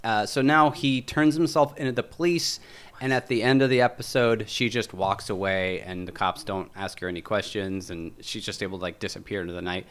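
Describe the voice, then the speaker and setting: A man's voice: fairly low pitch, fairly even intonation, fairly quick, fairly bright tone, clean tone. Rambling man recapping a show. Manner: rambling, many fillers and acted-out quotes. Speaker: podcast host. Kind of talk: casual chat recapping a TV episode.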